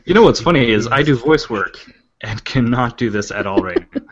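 A man's voice: mid-range voice, brisk, a crowd in the background. A man in casual chat, laughing at himself as he tries out accents. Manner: laughing, self-deprecating, lively. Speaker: podcast guest trying accents. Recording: dull lo-fi sound.

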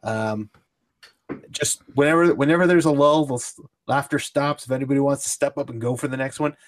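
A man's voice: mid-range voice, a little fast, slight background noise. A man hosting a casual comedy podcast, playful and mock-formal, often stumbling and restarting his sentences. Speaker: podcast host.

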